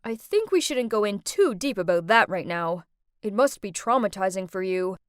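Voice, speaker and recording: A woman doing a soft-spoken creepy boyfriend. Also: mid-range voice, expressive, normal speed, smooth, no echo, studio quality, pitched below the performer's own voice, close to an everyday voice. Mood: soothing. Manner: soft, coaxing, falsely caring. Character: gentle, creepy young man boyfriend.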